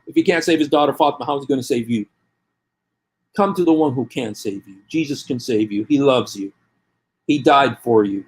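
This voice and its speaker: Man preaching with repeated forceful phrases. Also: medium pitch, brisk, husky. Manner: forceful and repetitive, hammering phrases again and again; calls listeners to pray along with him. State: angry. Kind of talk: impassioned preaching to camera.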